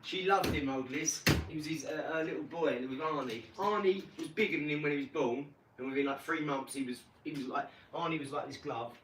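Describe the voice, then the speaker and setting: A man, rambling casually about his dogs and acting out scenes with lively energy. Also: fairly high pitch, brisk, hardly any pauses, far from the mic. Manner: chatty, animated when acting out scenes. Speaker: vlogger. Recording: echoey room, voice off-mic, noisy.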